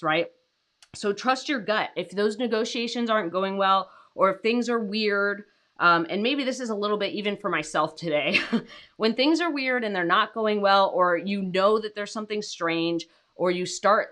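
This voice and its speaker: A bright, forceful young woman talks freelance writers through negotiating on a livestream. She is chatty and loose, dropping fillers and tagging her points with rhetorical questions. She slips into quick acted-out bits of client dialogue as she goes. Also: mid-range voice. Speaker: freelance writing coach. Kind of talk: livestream teaching.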